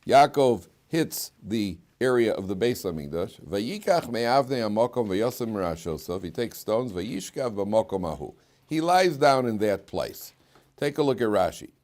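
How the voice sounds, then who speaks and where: A middle-aged man, a rabbi teaching a Torah class, who stretches key phrases slowly and loudly, quizzes his students and drops low and quiet for wry asides. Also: sing-song.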